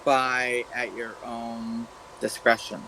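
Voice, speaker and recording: A man's voice: mid-range voice, little pitch movement, slow, bright, forceful tone, slight background noise, low-quality recording. A man in casual group chat, explaining things patiently with frequent fillers.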